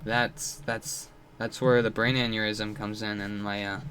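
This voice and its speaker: A man giving casual gameplay commentary, rambling and frustrated, muttering low and then yelling out. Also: level tone, a little slow, a little hiss or hum. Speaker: gamer playing and commenting.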